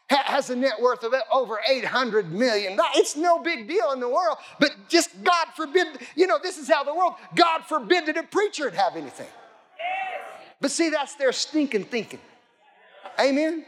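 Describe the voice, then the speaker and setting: A middle-aged male pastor preaching a sermon, fervent and often shouting, calling out for amens from the congregation. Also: very high-pitched.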